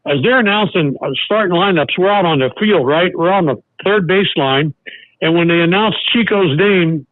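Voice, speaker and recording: An older man, a former baseball coach, tells a personal story as a podcast guest, halting and restarting often. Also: high voice, dry recording. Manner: halting, with many restarts and fillers. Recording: narrow phone-like sound.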